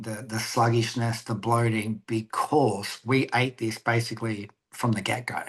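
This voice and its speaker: Animated Australian man, swearing storyteller. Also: mid-range voice. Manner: swears freely, acts out conversations in his stories. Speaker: podcast guest. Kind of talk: casual interview chat.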